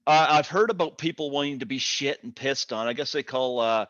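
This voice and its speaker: A man's voice: medium pitch, a little fast, fairly bright tone, dry recording. A man hosting a podcast, musing in casual chat. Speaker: podcast host. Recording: dull, dry sound.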